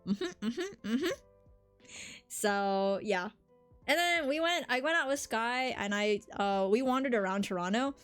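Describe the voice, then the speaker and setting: A woman's voice: fairly high pitch, expressive, unhurried, a bit bright, clean tone, soft background music. A woman from the American South with a slight Southern accent, chatting casually on a live stream as its host and answering her chat in a rambling way. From Southern United States.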